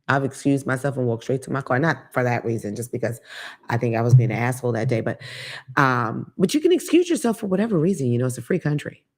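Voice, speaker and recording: A woman hosting her own talk show, riffing in a blunt, profane, animated monologue. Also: low voice. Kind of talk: casual comedic monologue.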